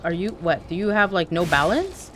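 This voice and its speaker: A woman's voice: fairly low pitch, very animated, moderate pace, background noise. A woman streaming a game live, chatting candidly and jokingly with her viewers as she plays. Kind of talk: casual chat while playing live.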